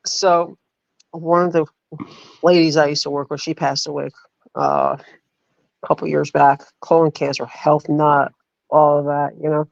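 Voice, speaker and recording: Woman streamer, chatty rambling storyteller, gravelly voice, close and dry on a lo-fi stream mic. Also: deep voice, expressive, a little slow, pauses often, no room sound. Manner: rambling, full of fillers, reads chat aloud. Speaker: livestream host. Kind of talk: casual storytelling on a livestream. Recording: dull lo-fi stream audio.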